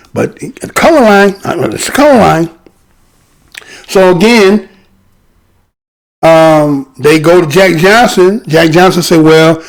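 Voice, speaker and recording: A man's voice: high voice, vocal fry, poor audio. A man giving casual history commentary, talking conversationally and often checking in with listeners through rhetorical questions.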